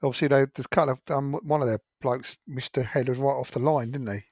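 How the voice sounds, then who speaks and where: A man co-hosting a casual football chat, speaking in a hesitant, halting way with many restarts. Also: mid-range voice, steady tone, darkish tone, husky, no room sound. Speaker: co-host.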